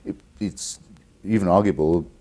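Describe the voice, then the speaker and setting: An English man, an author who is the guest on a call-in television interview, speaking deliberately and articulately with blunt opinions. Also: sits low, warm tone. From England.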